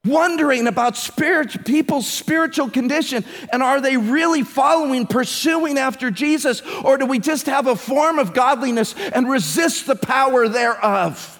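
A male pastor, preaching a sermon with emphatic, slow phrasing. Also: very high-pitched, fairly bright tone, in a large hall.

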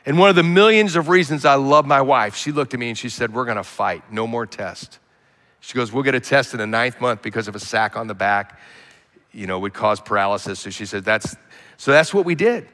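A man preaching a sermon as a pastor, telling stories with animated emphasis and quiet asides. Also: mid-range voice, a little fast. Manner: animated storytelling, swinging between loud emphasis and quiet asides. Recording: long hall reverb.

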